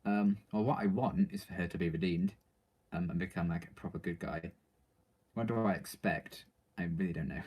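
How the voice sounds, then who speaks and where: A man's voice: deep voice, moderate pace, a little mellow, slightly rough. A man reading out viewer questions and answering them in casual, rambling live-stream chat, full of ums and likes.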